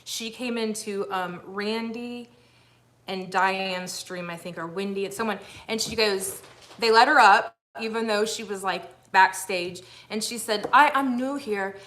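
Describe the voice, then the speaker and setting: A woman co-hosts a casual livestream from home, talking into a phone. She rambles and restarts her sentences in a loose, chatty way. Her voice sits at an ordinary middle pitch. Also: steady tone, measured pace, fairly bright tone. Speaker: livestream co-host. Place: at home in a house.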